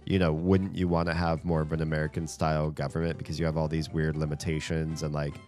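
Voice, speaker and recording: A man's voice: rumbling low, little pitch movement, fast talker, a little mellow. A man streaming a rhythm game, chatting casually and thinking aloud between plays, often chuckling. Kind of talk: casual chat while gaming. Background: faint game music.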